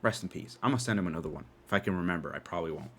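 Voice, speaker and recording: Animated young man telling a story. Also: low voice, rapid-fire, slight background noise. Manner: animated, profane, laughing often. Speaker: podcast host. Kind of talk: casual storytelling. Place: his own dark room at home.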